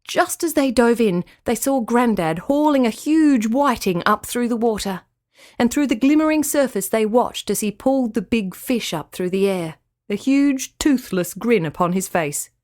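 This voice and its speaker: A woman narrating a children's storybook in a gentle, expressive read-aloud manner. Her voice sits a little higher than most women's. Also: normal speed.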